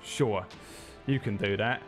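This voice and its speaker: A man's voice: lowish voice, takes it slowly, faint music behind. A man, narrating a tabletop game as game master in a rambling, joking way with many fillers.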